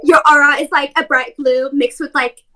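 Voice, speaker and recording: A woman putting on a gushing Californian valley girl voice, excitedly reading someone's aura. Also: high voice, normal speed.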